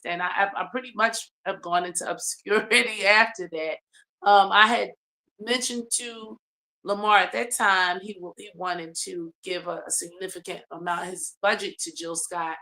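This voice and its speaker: Brief: woman complainant, bright forceful tone, long storytelling full of ums. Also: fairly low pitch. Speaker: complainant telling her story. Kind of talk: testimony in a mediated hearing.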